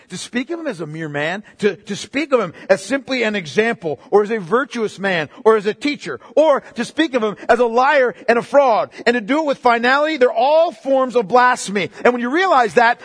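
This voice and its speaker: A man's voice: very high-pitched, animated, fairly quick, hardly any pauses, fairly bright tone. A man preaching a sermon, emphatic and casual, repeating his phrases, recorded in a church hall. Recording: long reverb of a hall.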